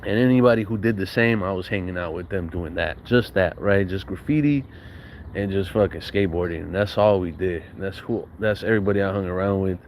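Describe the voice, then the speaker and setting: Slangy, profane young man with a low voice. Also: a little fast, darkish tone, slight background noise. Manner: slangy, profane, laughs often, acts out quotes. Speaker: storyteller recounting his youth. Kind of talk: casual storytelling monologue.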